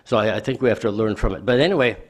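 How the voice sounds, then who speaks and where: A man's voice: lowish voice, racing. A man speaking as a county supervisor at a board meeting, conversational and anecdotal. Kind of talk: public meeting remarks.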